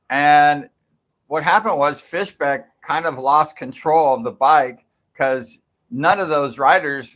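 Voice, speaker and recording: A middle-aged man hosts his own livestream and tells a story in a loose, rambling way, circling back and repeating himself. His voice sits a bit high for a man, and he talks slowly and unhurriedly. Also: fairly bright tone. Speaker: livestream host telling a racing story. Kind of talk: casual storytelling.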